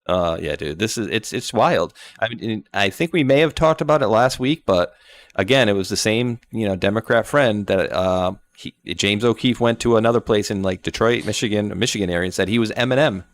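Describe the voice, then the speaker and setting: A man's voice: on the low side, fairly quick, no echo. A man hosting a livestream show, chatting casually and telling rambling, jokey stories.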